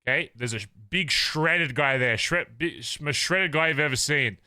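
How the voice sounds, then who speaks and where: A man's voice: fairly high pitch, normal speed, smooth, no room sound. A young Australian man with an Australian accent, chatting casually and swearing as he rants playfully to his stream viewers. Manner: animated, swearing, ranting playfully. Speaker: livestreamer.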